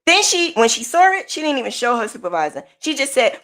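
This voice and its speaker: A woman's voice: sits high, very animated, brisk, hardly any pauses, fairly bright tone. A woman podcast host from the United States, telling a personal story in a casual, emphatic way and repeating her points.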